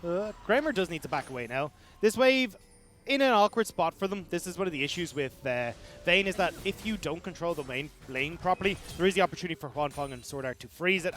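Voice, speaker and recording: A man casting an esports match as the analyst, talking quickly in a fairly high voice. He breaks down lane states and team plans in long, explanatory runs. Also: fairly bright tone. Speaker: esports caster. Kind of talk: analytical esports color commentary.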